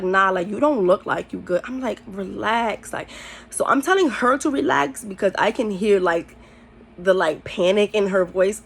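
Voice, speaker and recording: A young woman telling a storytime vlog, animated and slangy, laughing often as she talks. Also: mid-range voice, vocal fry, a little hiss or hum. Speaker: vlogger.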